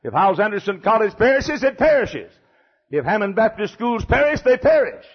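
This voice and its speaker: An older man preaching a fiery sermon as pastor, emphatic and repetitive, swinging between shouts and hushed passages. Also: sits high, very animated, moderate pace, husky. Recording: dull lo-fi sermon recording.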